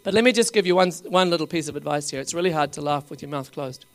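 Male charismatic preacher, slightly high voice, laughing and urging the crowd on. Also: fast talker. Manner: laughing often, coaxing the crowd; rising to loud bursts.

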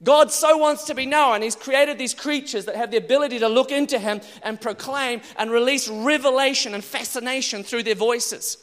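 A male preacher giving an animated sermon, now and then bursting into loud exclamations. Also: very high voice, moderate pace, hardly any pauses. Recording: long hall reverb.

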